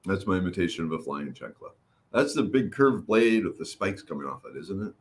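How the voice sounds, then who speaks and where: This middle-aged host has a deep, sing-song voice and talks fairly quickly. On his casual livestream he reads comments, says hello to viewers by name, and chats while recovering his throat.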